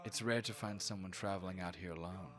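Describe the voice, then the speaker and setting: A man's voice: low-pitched, brisk, lightly acted. A man doing a poised young elf woman. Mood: gracious. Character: silver-haired young female elf ranger, poised.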